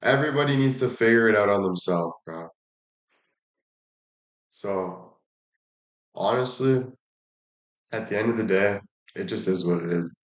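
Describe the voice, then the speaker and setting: A man's voice: lowish voice, measured pace, long pauses. Man, casual monologue, blunt, heavy swearing, repetitive, echoey room.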